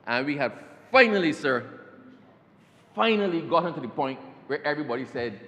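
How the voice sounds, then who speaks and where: A man's voice: fairly high pitch, big pitch swings, moderate pace, a bit bright. A man, a government minister giving a formal parliamentary speech and often addressing the chair as sir. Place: parliament chamber. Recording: long reverb of a debating chamber.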